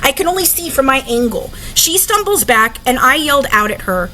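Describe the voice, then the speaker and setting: A woman, an interview guest, telling a story in casual, animated talk full of "like" fillers. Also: sits high, fairly quick, hardly any pauses, a little hiss or hum, low-quality recording.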